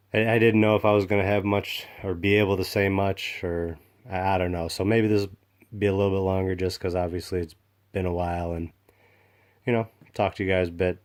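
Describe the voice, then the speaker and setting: A man casually showing off comic books in a rambling vlog, excited and full of fillers and restarts. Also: low-pitched. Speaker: comic book collector vlogger. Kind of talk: casual show-and-tell vlog.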